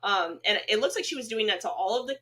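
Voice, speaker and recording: A woman's voice: mid-range voice, fast. A woman co-hosting a horror movie podcast, chatting casually and chiming in often with agreement. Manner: frequent agreeing backchannels, expressive. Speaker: podcast co-host. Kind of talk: casual movie review chat.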